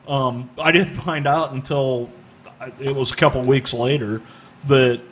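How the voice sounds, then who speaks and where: Casual male podcast host, mid-pitched, laughs while telling a story, faint background hiss. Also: steady tone, measured pace, fairly bright tone. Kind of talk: casual chat.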